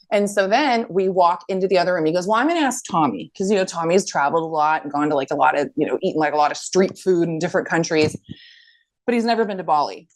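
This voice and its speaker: Lively storytelling woman podcast host. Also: on the low side, quick pace. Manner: animated storytelling, acting out quotes, swearing. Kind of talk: casual chat.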